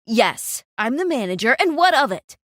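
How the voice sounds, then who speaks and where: A blustering cafe manager yells and demands with a lively, swinging pitch, as a woman acts him out. He is loud and pompous, then cowers and pleads, in a dry close storytime read. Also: moderate pace, no room sound. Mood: furious. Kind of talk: storytime narration.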